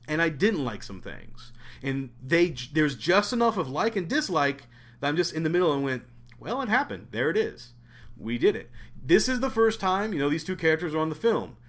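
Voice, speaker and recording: Animated man with a lively, high voice. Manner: animated, stumbling restarts. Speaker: podcast co-host. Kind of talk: casual film discussion.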